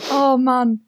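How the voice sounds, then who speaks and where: A woman with a Midlands accent co-hosting a casual podcast chat, excitable and egging the others on. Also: very high voice. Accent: Midlands English. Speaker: podcast co-host.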